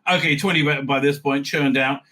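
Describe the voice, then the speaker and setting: A man's voice: mid-range voice, a little fast. A man hosting a review show, giving opinionated commentary full of fillers, restarts and sarcastic asides. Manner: animated, many fillers and restarts.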